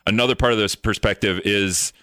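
A man hosts live talk radio from a studio, talking on his own in a loose, rambling way. His voice sits on the low side but sounds bright and forward. He trips over his own words, corrects himself and slips in sarcastic jokes, close to a dry microphone. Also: steady tone, fairly quick, dry recording. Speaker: radio talk show host. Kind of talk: casual solo radio talk.

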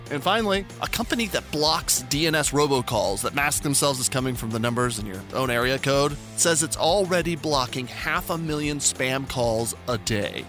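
A man's voice: medium pitch, animated, moderate pace, hardly any pauses, a bit bright, soft background music. A man hosting a tech news show, reading stories with sarcastic joking asides. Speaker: host. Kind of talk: casual tech news commentary.

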